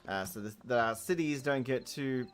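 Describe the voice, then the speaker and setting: A man's voice: medium pitch, moderate pace, soft background music. Chatty Australian man streaming a game. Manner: chatty, rambling, giggly, answers chat while playing. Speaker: gaming streamer. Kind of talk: casual live-stream chat.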